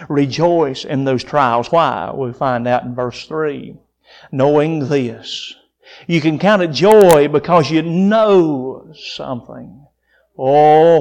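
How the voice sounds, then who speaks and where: High-voiced, slow preaching man. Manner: swings between soft low passages and raised, pleading peaks; repeats phrases for emphasis. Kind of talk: sermon.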